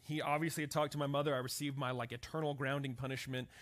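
A man's voice: mid-range voice, flat delivery, fast, fairly bright tone. A man preaching a sermon, telling stories and often checking in with "right?". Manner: storytelling, often asks "right?". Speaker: pastor.

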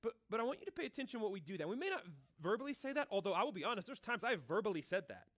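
A pastor preaching in a church, talking in a casual, earnest way, full of "like" and "right?". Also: male voice, high-pitched, big pitch swings, racing, a bit bright. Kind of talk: conversational sermon.

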